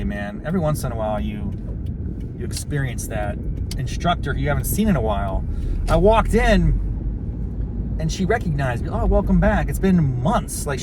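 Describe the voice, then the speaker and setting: Brief: weary, self-mocking male vlogger talking outdoors, heavy traffic noise behind him, mid pitch. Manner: rambling, self-mocking, joking. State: tired and sore after class. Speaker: vlog host. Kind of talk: rambling casual monologue.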